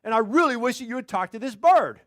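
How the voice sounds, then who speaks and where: A man's voice: very high voice, animated, fast, a bit bright. A man voicing an irritated male customer who complains indignantly.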